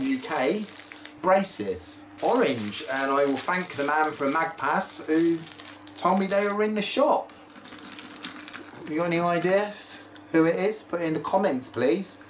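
A man vlogging in a casual, chatty way, excitable and prone to squeals of delight. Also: a little high, reverberant, slight background noise, rough recording. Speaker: YouTube vlogger. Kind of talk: casual chat.

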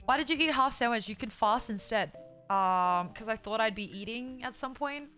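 A woman's voice: on the high side, expressive, normal speed, smooth, faint music behind. A young woman from Australia streaming live, chatting casually with her viewers. She swears freely, sounds exasperated and laughs a lot. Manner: loud, profane, exasperated, laughing often. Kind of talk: casual live-stream chat, reading chat aloud.

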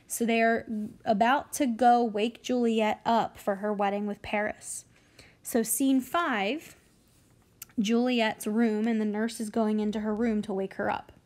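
A woman's voice: a little high, fairly even intonation, unhurried, darkish tone. Woman teacher explaining a play. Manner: plain, explanatory, casual. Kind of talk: classroom read-aloud with explanation.

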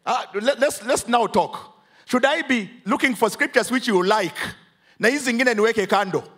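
A man's voice: very high-pitched, moderate pace. A Kenyan man preaching a sermon as pastor, mixing English and Swahili, and calling out for responses from the congregation. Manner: dramatic, swings from hushed to loud emphatic.

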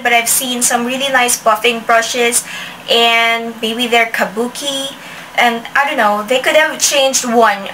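A woman with a high, bright voice chats casually through a product review, often restarting her sentences. She sounds a little far from the mic, with a faint hiss behind her. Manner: chatty, with restarts and frequent "like". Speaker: beauty vlogger.

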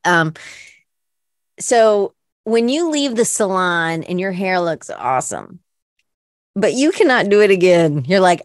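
A woman's voice: fairly low pitch, expressive, measured pace, dry recording, clean studio sound. A middle-aged woman hosting a podcast in a casual, rambling, self-reflective chat full of fillers. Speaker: podcast host.

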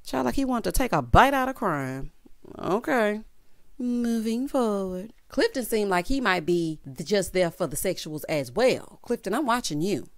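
A woman giving a casual, sassy recap of a reality dating show, full of playful asides and quick reactions. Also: medium pitch, big pitch swings, no echo, clean studio sound. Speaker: recap vlogger.

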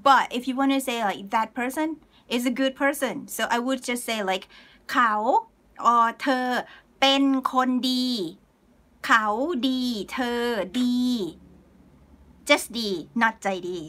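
A woman with a high voice teaches a live online language lesson. She explains each point step by step, reads viewers' comments aloud and answers them, and speaks through a desk mic set up for streaming. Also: fast, bright, forceful tone.

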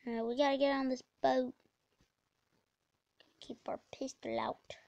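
A woman giving casual, rambling commentary while playing a video game, breaking into sudden excited exclamations. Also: high-pitched, unhurried, creaky, long pauses, no room sound, muffled recording. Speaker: let's play gamer.

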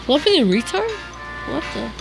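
A high-voiced woman with a wide, bouncing pitch and a gravelly rasp, reacting excitedly in casual commentary. She talks at an unhurried pace and breaks into shrieks and exclamations. Loud music plays behind her. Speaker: reaction video host.

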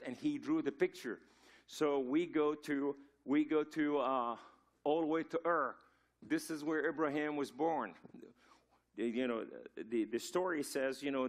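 A man from Lebanon preaches as a guest in a church, telling the story loosely. He restarts his sentences often and leans on "you know" while explaining. His voice sits at an ordinary middle pitch for a man. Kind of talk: sermon. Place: church sanctuary.

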